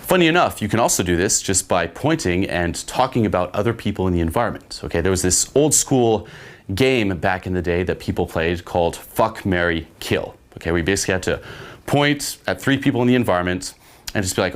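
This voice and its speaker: A man's voice: low voice, lively intonation, brisk. A man coaching on dating in a casual, profane way, often checking in with "okay?". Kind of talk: instructional monologue.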